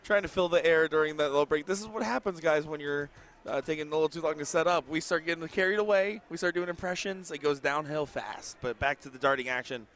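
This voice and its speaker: A man's voice: on the high side, fast talker, fairly bright tone. A man doing live darts commentary with a jokey, bantering, self-mocking manner, calling the match from a casino event hall.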